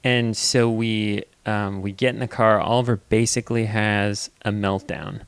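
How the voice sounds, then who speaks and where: A young man co-hosting a podcast in casual chat, telling stories in an animated way. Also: lowish voice, unhurried, gravelly, smooth, no echo. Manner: animated storytelling with big quoted voices. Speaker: podcast co-host.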